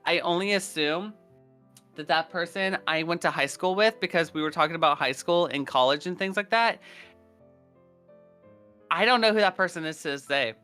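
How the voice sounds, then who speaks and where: Young guy on a podcast, bright smooth voice, swears a lot, animated storytelling. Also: normal speed, pauses often, faint music behind. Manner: animated, swearing, acts out quoted people in a higher voice. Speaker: podcast co-host. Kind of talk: casual storytelling chat.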